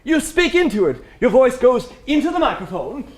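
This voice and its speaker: A man's voice: extremely high pitch, big pitch swings, normal speed. A man playing a fussy, flustered film director who keeps his patience with an exasperated, chirpy manner. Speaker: actor. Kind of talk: stage comedy acting.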